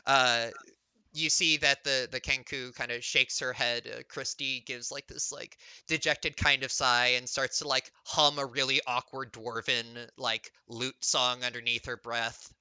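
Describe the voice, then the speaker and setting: A man's voice: medium pitch, little pitch movement, a little slow, bright, forceful tone, clean tone, dry recording. A man narrating as game master in a loose, filler-heavy way.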